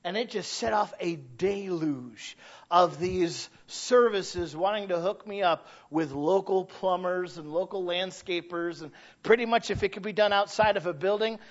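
High-voiced man preaching with fervor. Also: a little slow, dull audio. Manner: impassioned, rising to shouted emphasis; storytelling asides. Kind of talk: sermon.

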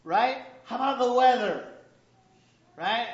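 A pastor with a high voice delivers a sermon full of humor, slipping into quoted voices to act out small scenes. The sound is roomy and a little dull and lo-fi, as if captured in a church hall. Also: male voice, normal speed, a bit bright.

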